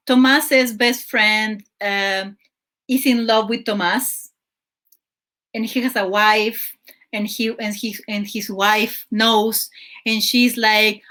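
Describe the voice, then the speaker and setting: A woman's voice: on the high side, a bit bright. A woman hosting her show, casually recapping a telenovela in a chatty, exasperated way with lots of fillers. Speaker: show host.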